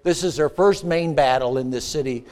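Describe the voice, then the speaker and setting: Animated high-voiced male preacher. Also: normal speed. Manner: animated preaching with call-and-response asides; rises to excited shouts, drops to hushed tones. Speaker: pastor. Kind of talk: sermon.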